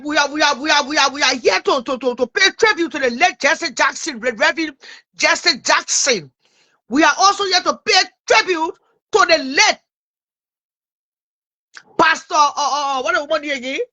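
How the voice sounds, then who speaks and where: A woman hosts a casual livestream in a very high, sharp, bright voice. She talks animatedly to her viewers, repeating herself and stumbling over names as she goes. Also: expressive, normal speed, pauses often. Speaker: livestream host.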